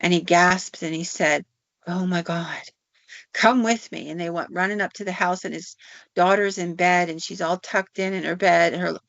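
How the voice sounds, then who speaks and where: A woman host narrates a spooky folk tale in a folksy, drawling, casual manner. Her voice sits on the low side, dry and close with a dull, muffled tone. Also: fairly even intonation, moderate pace, vocal fry, fairly bright tone, no room sound. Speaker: podcast host. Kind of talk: storytelling narration.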